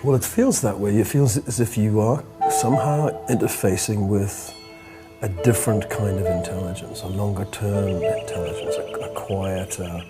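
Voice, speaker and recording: A man speaking as an interview guest, telling a reflective story in a halting way, often repeating words and laughing softly. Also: on the low side, fairly even intonation, loud music behind the voice.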